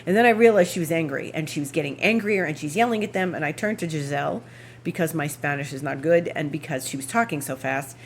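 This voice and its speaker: A woman hosting an astrology show, telling a rambling, animated story with frequent laughs and asides. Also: sits low, fast talker, a little hiss or hum. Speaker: astrology podcast host. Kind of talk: casual anecdotal storytelling.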